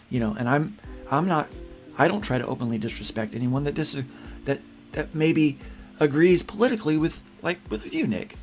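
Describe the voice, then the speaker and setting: A male podcast co-host chatting casually on a livestream. His voice sits at a middle pitch and he rambles earnestly, stumbling and restarting often. Faint music plays underneath. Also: darkish tone. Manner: rambling, repeats words, earnest.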